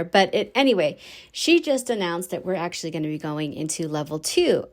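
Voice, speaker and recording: A woman hosting a casual podcast, chatty and rambling, with many fillers and restarts and easy laughs. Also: mid-range voice. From United States. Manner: laughs easily. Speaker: podcast host. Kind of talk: casual solo podcast chat.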